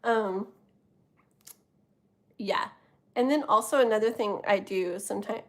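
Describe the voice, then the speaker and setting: A middle-aged woman hosts a live tarot stream, chatting casually and rambling with viewers, using lots of fillers and laughing often. Her mid-range voice is a little slow, with frequent pauses.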